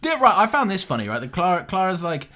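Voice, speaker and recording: A man's voice: sits high, wildly swooping pitch, fast talker, pushed and bright. A man co-hosting a podcast, chatting casually and animatedly, swearing and laughing a lot. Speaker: podcast co-host. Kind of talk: casual chat.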